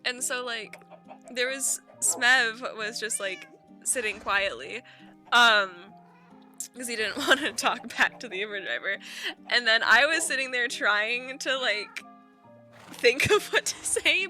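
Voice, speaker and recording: A young woman from Eastern Canada rambles through stories while she plays, with giggles breaking into her talk. Her voice is very bright and sits a little high. Soft music plays faintly behind her. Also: unhurried. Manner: giggly, rambling storytelling with frequent laughs. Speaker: streamer. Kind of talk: casual chat while gaming.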